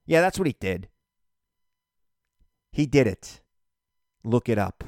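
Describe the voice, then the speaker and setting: A man hosting a political podcast, talking in an animated, emphatic solo monologue and repeating phrases for punch. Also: mid-range voice, takes it slowly, no room sound, clean studio sound.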